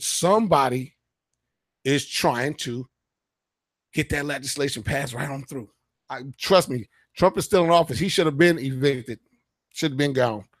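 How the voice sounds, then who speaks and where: Talk-radio host, male, fiery and profane, slightly high voice, dry close sound. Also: no echo. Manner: heated, profane, emphatic. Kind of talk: casual political rant.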